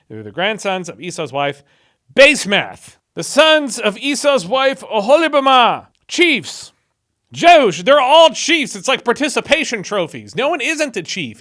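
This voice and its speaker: A man reading a chapter of the Bible aloud for a video and breaking off into sarcastic comments. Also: sits high. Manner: sarcastic, animated asides between read passages.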